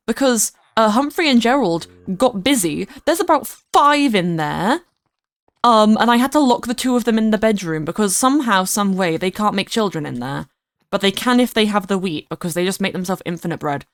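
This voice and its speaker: Smooth-voiced woman streamer chatting casually. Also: medium pitch, dry recording. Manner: chatty and rambling, greeting viewers by name. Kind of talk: casual livestream gameplay chat.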